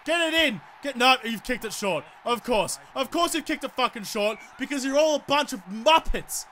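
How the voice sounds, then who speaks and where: A man's voice: very high voice, lively intonation, moderate pace, pushed and bright, a little hiss or hum. An Australian man giving live commentary while playing a football video game, ranting and swearing freely at how the match is going.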